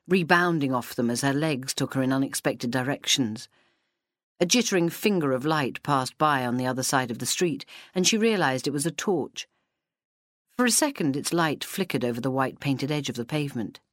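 A woman reading an audiobook novel aloud in a steady, measured way into a close mic. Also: extremely low pitch, no room sound. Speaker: audiobook narrator. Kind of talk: scripted narration. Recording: dry studio sound.

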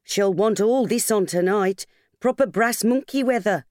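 A woman's voice: mid-range voice, measured pace, darkish tone, dry recording, studio quality, voice pushed up, natural voice. A woman voicing a blunt, plain-spoken working-class landlady in an audiobook. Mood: brisk. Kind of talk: audiobook character voice.

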